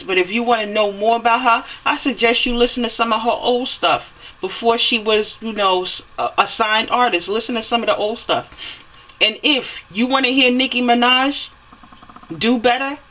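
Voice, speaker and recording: A woman giving a fiery, preachy opinion rant, repeating phrases for emphasis and swearing as she climbs to near-yelling. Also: mid-range voice, poor audio. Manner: swears and rises to near-yelling when heated. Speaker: vlogger.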